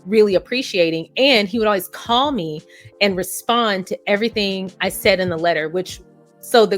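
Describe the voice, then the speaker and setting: A woman's voice: mid-range voice, fairly bright tone. Effusive chatty woman vlogger. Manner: effusive, chatty, laughs often. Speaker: commentary vlogger. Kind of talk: casual reaction commentary.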